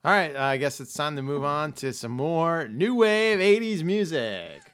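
A man's voice: on the high side, expressive, a little slow, a bit bright, clear, resonant tone, no echo, clean studio sound. Laughing, rambling podcast host man. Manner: rambling, laughs often, self-deprecating. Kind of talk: casual podcast chat.

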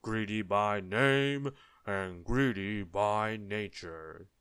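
A towering storybook giant, put on by a male narrator, thunders each word out slow, loud and heavy. The voice sits low and sounds dry and close, with no room around it. He is a stern figure, clearly in charge. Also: steady tone, no echo. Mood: bellowing.

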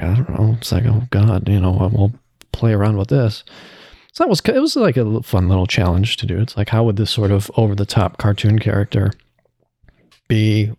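Low, mellow-voiced man musing aloud. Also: no room sound, studio quality. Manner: reflective, rambling with many restarts. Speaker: voice actor. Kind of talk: casual podcast chat.

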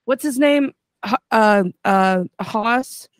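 Brief: giggly woman with a slightly high voice, podcast co-host, dry close mic. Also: slow, clear, resonant tone, no echo. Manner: giggly, blurts out quotes and crude jokes. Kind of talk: casual movie chat.

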